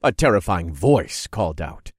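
A man narrating a story in the first person with a measured, dramatic delivery. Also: low-pitched, very animated, breathy edge, no room sound, studio quality.

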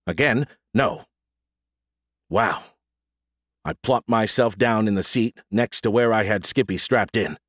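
A man's voice: fairly low pitch, unhurried, long pauses, fairly bright tone, no room sound. Wry male audiobook narrator, dry sound. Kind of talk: first-person audiobook narration.

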